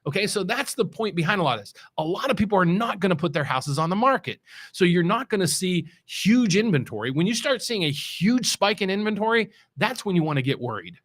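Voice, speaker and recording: Chatty man talking mortgages, slightly high. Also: sing-song, a little fast, fairly bright tone. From West Virginia. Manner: rambling, repeats words, stresses key points. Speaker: mortgage loan officer, show host. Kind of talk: casual unscripted market commentary.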